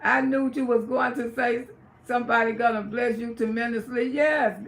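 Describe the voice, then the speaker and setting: An older woman hosting a live stream, chatting loudly with viewers, laughing often and swearing freely as she gossips. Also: on the high side, fairly even intonation, moderate pace. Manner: loud, cackling, outspoken gossip. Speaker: livestream host.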